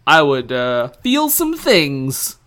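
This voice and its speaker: A man's voice: mid-range voice, wildly swooping pitch, slow pace, fairly bright tone. A young man from Quebec co-hosting a podcast, casual and easygoing, often laughing. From Quebec, Canada. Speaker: podcast co-host. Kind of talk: casual chat.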